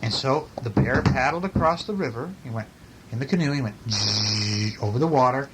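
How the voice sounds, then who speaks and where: A father reading a bedtime picture book aloud to his child, gentle, stopping to ask questions as he goes. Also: medium pitch, moderate pace, heavy background noise.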